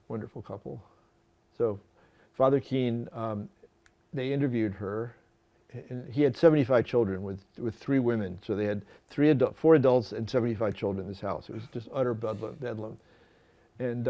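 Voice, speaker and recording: A man's voice: mid-range voice, dark tone. A man, a photographer, telling a long personal story in a talk, often stopping and repeating words as he acts out dialogue. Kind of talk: storytelling lecture with slides.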